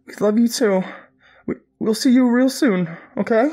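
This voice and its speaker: Man doing a high, breathy, tearful young wife on a radio; swooping, anxious delivery. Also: expressive, unhurried, warm tone.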